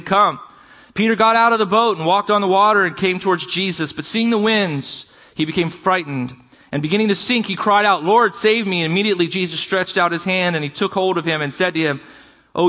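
A male pastor with a high, bright, ringing voice preaches a sermon. He keeps it conversational and checks in with his congregation as he goes. The sound carries the long reverb of a large hall.

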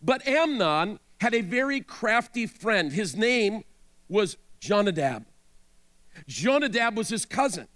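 A male pastor preaches in a high voice that swings up and down with strong animation. He tells the scripture story dramatically and breaks off now and then to speak straight to his listeners. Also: big pitch swings, slow pace, fairly bright tone. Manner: dramatic storytelling, asides to the audience. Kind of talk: sermon.

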